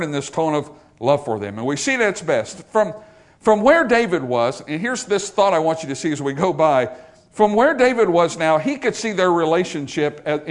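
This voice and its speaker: Male preacher mid-sermon: high-pitched, hugely animated delivery, repeating phrases and dropping to a hush. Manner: emphatic and repetitive, swinging from loud to hushed.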